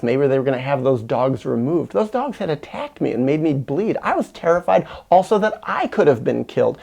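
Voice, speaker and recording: A middle-aged man telling a personal childhood story as a solo monologue, animated and dramatic, swinging between loud and hushed. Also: mid-range voice, vocal fry. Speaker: channel host.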